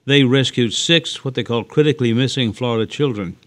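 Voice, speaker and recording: A man's voice: mid-range voice, brisk. Rambling male talk radio host. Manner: rambling, with many fillers and restarts. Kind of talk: casual talk radio chat.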